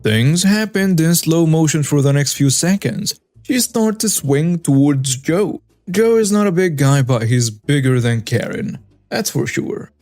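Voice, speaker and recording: A man's voice: fairly high pitch, animated, unhurried, a little mellow, no room sound. A man narrating a customer-service story in a wry, conversational way. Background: faint background music.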